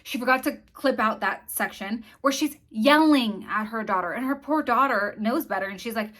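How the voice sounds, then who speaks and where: A woman's voice: a little high, normal speed, a bit bright. A woman hosting her own channel, talking casually and bluntly to camera with open disgust. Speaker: commentary vlogger host.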